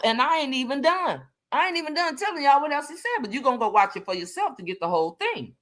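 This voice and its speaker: Chatty woman on a livestream, lively and slangy, calls out to viewers. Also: fairly high pitch, fairly quick, few pauses. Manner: animated, talks to viewers by name, loose slangy asides. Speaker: livestream host. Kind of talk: casual live chat commentary.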